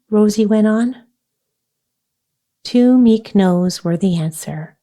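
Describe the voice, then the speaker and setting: A woman narrating a children's novel as an audiobook, in a calm, soothing, unhurried manner. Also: mid-range voice. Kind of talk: scripted narration.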